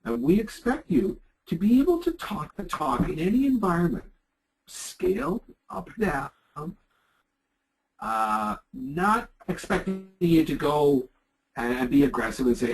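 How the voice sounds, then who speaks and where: Animated gravelly man giving a talk. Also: a little high, moderate pace, rough recording. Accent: Canadian. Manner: animated, chatty, quotes people in lively voices. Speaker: leadership speaker. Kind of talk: webinar presentation.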